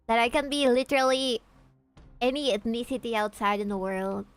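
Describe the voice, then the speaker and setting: A young woman chatting on a gaming stream, her voice sitting fairly high. She jokes, teases and swears freely with her viewers. The sound is close and dry, with faint music underneath. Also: normal speed, dry recording. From Peru. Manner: joking, teasing, profane, reacting to chat. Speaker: VTuber streamer. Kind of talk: casual gaming stream chat.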